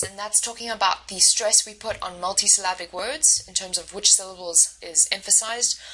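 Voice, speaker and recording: A woman's voice: mid-range voice, pushed and bright, rough recording. A woman instructor giving a recorded lecture, explaining step by step with fillers and restarts. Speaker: university instructor.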